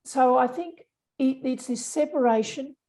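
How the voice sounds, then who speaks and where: A woman speaks as an interview guest, her voice mellow and warm-toned. She explains her points earnestly, stressing key words with conviction. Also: sits high, measured pace. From Australia. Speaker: unconscious bias specialist. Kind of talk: interview conversation.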